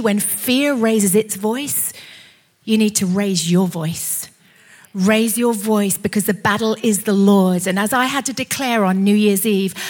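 A woman preaching a sermon, building to impassioned, shouted declarations. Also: medium pitch.

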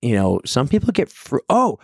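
A man telling a long, animated story as a podcast guest, acting out the people in it. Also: medium pitch, normal speed, gravelly, slightly rough, dry recording, clean studio sound. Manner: animated, rambling, acts out quoted people. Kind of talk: casual storytelling chat.

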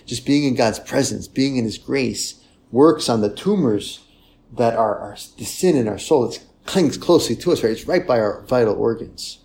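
Gravelly-voiced man preaching a lively sermon. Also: mid-range voice, normal speed. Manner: lively and conversational, often tagging "right?".

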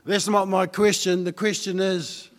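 Slow, high-voiced preacher in a reverberant hall. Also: male voice, flat delivery. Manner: repeats rhetorical questions to the congregation; tells a joke story in a loose, conversational way. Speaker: pastor. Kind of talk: sermon.

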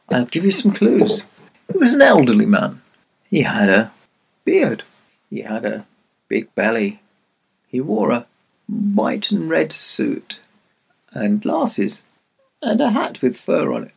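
Man as Santa, children's storyteller, playful, animated, gravelly, husky. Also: medium pitch. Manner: animated, playful, asks the listener questions.

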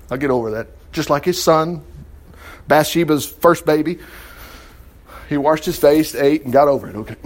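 A man leads a casual Bible study, his fairly high voice swinging widely as he reads scripture aloud. He keeps cutting in with excited asides between the verses. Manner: animated, interjecting comments while reading scripture aloud. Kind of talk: informal Bible study teaching.

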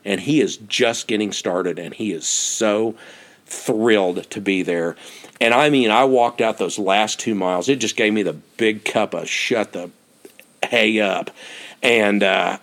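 An American man telling a personal story for his podcast, animated and laughing often as he repeats himself. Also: on the low side.

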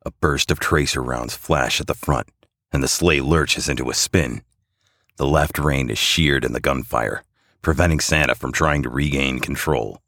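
Very deep, gravelly male storyteller. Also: normal speed, a bit bright, dry recording, clean studio sound. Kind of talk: dramatic story narration.

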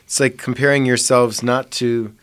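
A man's voice: mid-range voice, flat delivery, normal speed, clean tone. A man co-hosting a casual chat, thoughtful and affirming, drawing analogies. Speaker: podcast co-host.

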